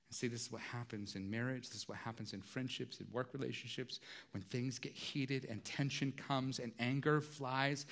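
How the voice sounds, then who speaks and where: Guy preaching a sermon, goes quiet then loud and intense, keeps asking "right?". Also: medium pitch, steady tone, normal speed. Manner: swings from hushed to loud and intense; conversational, repeats phrases and asks "right?". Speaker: pastor.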